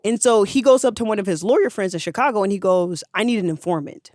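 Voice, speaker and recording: A podcast storyteller retelling history for laughs, animated, slangy and profane. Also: medium pitch, fast talker, no room sound, clean studio sound.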